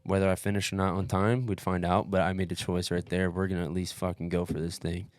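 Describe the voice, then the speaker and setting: Low-pitched and fast, a man on a casual podcast tells the story of his race, swearing freely and sprinkling in "dude" and "bro." He acts out others' words in an animated retelling. There's no room sound.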